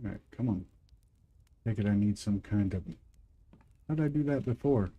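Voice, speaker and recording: This livestream gamer host, from the American Midwest, speaks at a normal speed in a lowish, animated voice with a Midwestern twang. He rambles casually to viewers between game moves, and the audio sounds narrow and tinny.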